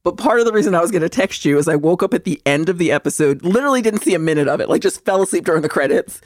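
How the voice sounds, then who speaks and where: A woman co-hosting a podcast in casual chat, profane and quick to laugh. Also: on the low side, dry recording, studio quality. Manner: profane, animated, laughing often. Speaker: podcast co-host.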